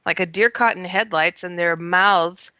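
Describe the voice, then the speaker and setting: A woman telling a story in an animated way, laughing often and acting out her own quoted words. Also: fairly low pitch, unhurried, smooth, dry recording. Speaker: guest. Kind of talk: animated first-person storytelling. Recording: slightly muffled lo-fi sound.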